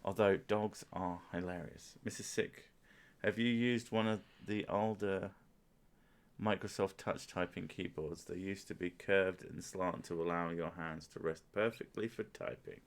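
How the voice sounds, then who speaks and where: A man's voice: low voice, steady tone, measured pace. Crude, joking man streamer. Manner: joking, crude, self-mocking. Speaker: streamer and host. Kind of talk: casual livestream chat.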